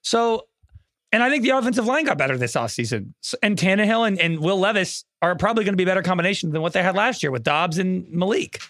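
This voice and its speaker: A man's voice: high-pitched, expressive, quick pace, a bit bright, dry recording, clean studio sound. A man co-hosting a casual sports podcast, wry and self-deprecating about his own picks. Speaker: podcast co-host.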